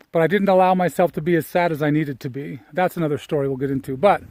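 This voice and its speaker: A middle-aged man with a somewhat high voice tells a deeply personal story in a reflective, halting way, pausing and restarting often. His sound is dry and close. He is talking while walking outdoors. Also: no echo. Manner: emotional, reflective, halting with fillers. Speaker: personal development speaker.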